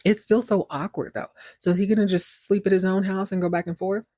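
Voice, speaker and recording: A woman hosting a podcast, animatedly recapping a TV episode in a casual, excitable way. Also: mid-range voice, a little fast, no room sound, studio quality. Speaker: podcast host.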